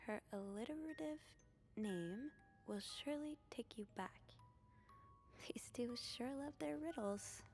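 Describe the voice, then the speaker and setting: A woman's voice: a little high, animated, a little slow, darkish tone, soft background music. A woman voicing a game heroine who whispers her thoughts as she puzzles over riddles. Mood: hushed musing.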